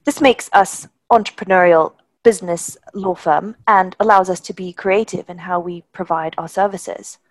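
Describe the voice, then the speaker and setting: A woman's voice: lowish voice, fairly even intonation, normal speed, dry recording. German woman co-hosting, polished. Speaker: podcast co-host, lawyer. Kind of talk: prepared podcast talk.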